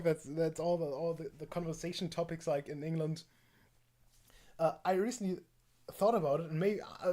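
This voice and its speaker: A man's voice: sits high, darkish tone. A man streaming in a casual chat, rambling and hesitant with frequent restarts and fillers.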